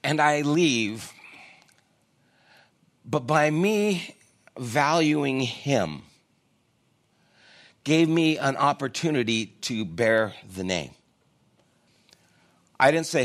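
A man's voice: a little high, lively intonation, takes it slowly, long pauses, a bit bright. A man preaching a sermon as a pastor, telling a personal story in a casual, conversational and self-deprecating way. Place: church.

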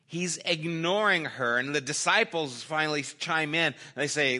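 Male pastor, sermon, bright tone, slow storytelling delivery. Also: on the high side, lively intonation. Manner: storytelling, acts out quoted lines in a dropped, softer voice; conversational, with small restarts.

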